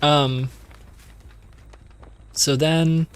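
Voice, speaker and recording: A man's voice: fairly high pitch, steady tone, drawn-out words, a little hiss or hum. A young man giving casual, rambling commentary while streaming a game, full of fillers and self-interruptions.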